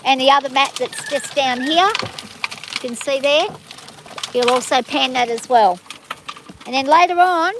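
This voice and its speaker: A woman's voice: high-pitched, unhurried, long pauses, noisy background. A woman with a rural Australian bush accent, chatting plainly and bluntly as she explains gold prospecting beside a creek outdoors. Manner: plain-spoken, blunt and folksy. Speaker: prospecting livestream co-host. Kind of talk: casual explanatory chat.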